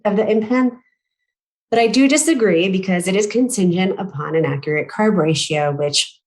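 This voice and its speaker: A woman nearing forty reading a prepared conference talk in a measured, careful way, now and then clearing her throat and correcting herself. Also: on the low side, rough recording. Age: late 30s. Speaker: patient speaker at a medical conference.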